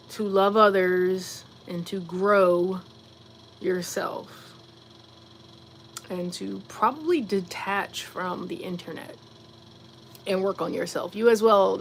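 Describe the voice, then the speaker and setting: A woman's voice: mid-range voice, slight background noise. A woman from Virginia hosting a casual livestream, musing reflectively and answering viewers' comments directly. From Virginia, USA. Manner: reflective, talks straight to chat, quick asides and fillers. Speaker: livestream host.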